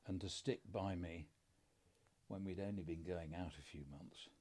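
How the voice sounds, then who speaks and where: A middle-aged father from England telling family stories in a measured, dryly humorous way. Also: low voice, darkish tone. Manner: dry understated humour, measured storytelling. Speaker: podcast co-host, father. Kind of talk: casual conversation.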